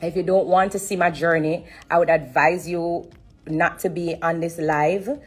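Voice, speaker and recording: A woman tells her story live, her voice low and husky. She repeats her faith again and again and keeps stopping to breathe so she won't cry. Soft music plays faintly behind her. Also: steady tone. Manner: emotional, fighting back tears, pausing to breathe; religious, repetitive phrasing. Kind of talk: emotional live-stream testimony.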